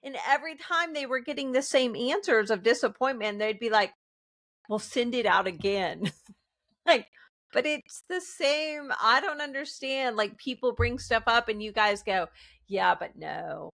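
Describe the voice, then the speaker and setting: A woman co-hosting a casual talk show, telling animated work stories, laughing often and mimicking the people she quotes. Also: sits high, moderate pace. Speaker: podcast co-host. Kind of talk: casual chat.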